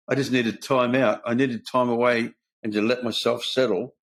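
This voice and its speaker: An older man with an Australian accent, speaking unhurriedly in a mid-range voice with fairly even intonation, hosts a candid conversation. Earnest and blunt, he recounts his own recovery and tells stories using quoted dialogue.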